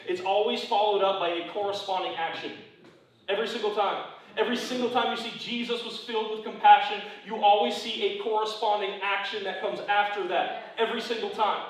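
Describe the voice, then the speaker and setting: A man preaching a conversational sermon in a church, who repeats his phrases, keeps asking "right?" and drops low and quiet on serious points. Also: very echoey, recorded from a distance, rough recording. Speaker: pastor. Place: church sanctuary.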